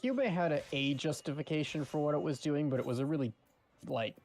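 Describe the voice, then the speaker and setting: A man streaming, chatting casually and telling animated stories with frequent laughs. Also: fairly high pitch, quick pace, a little hiss or hum. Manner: animated storyteller, laughs often. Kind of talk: casual chat.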